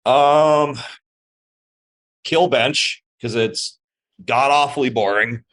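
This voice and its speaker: A man's voice: mid-range voice, slow, a bit bright. A man chatting casually as a podcast guest, hesitant and rambling with many restarts. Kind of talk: casual chat.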